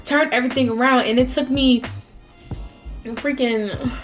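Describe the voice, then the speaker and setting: A woman's voice: high-pitched, steady tone, a little slow, faint music behind. A woman in her twenties talking casually while eating, heartfelt and rambling, with lots of fillers. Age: 20s. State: close to tears at times. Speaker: vlogger. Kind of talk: casual mukbang talk.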